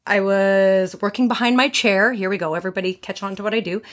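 A woman who works as a hairstylist, telling a story on a podcast in a blunt, animated way and swearing freely. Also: mid-range voice, fast.

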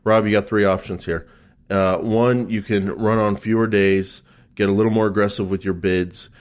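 A man with a fairly low voice co-hosts a casual podcast. He walks through practical options one by one in a plain, steady way. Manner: practical, lays out options step by step. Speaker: podcast co-host.

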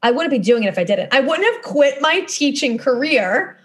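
Blunt emphatic woman in her 30s doing a casual podcast rant, kinda high voice. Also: animated, normal speed. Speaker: podcast host and course coach.

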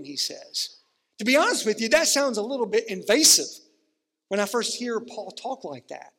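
Male pastor, high-pitched, earnest sermon delivery with drawn-out emphasis, long hall reverb. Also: very animated, pushed and bright. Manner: earnest preaching with slowed, stretched emphasis.

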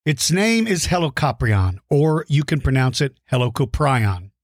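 A man's voice: medium pitch, big pitch swings, measured pace, no echo. Guy hosting a kids podcast, friendly and patient, dead dry mic. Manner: friendly, explanatory, repeats words while thinking. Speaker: podcast host. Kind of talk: educational talk for kids.

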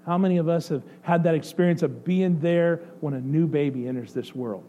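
A male pastor preaching a sermon, swinging between excited outbursts and soft, hushed passages. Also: a little high, brisk, lo-fi sound. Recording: faint mains hum. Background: faint electrical hum.

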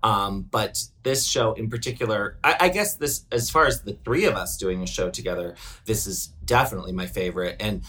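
A man's voice: fairly low pitch, animated, brisk, few pauses, pushed and bright. A middle-aged man hosting a podcast in casual chat, chatty and playful, laughing often and teasing his co-host.

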